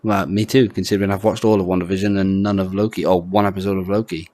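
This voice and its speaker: A man's voice: deep voice, little pitch movement, quick pace, a little mellow, dry recording. A man co-hosting a casual podcast chat at home, hesitant and full of stammered restarts. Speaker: podcast co-host.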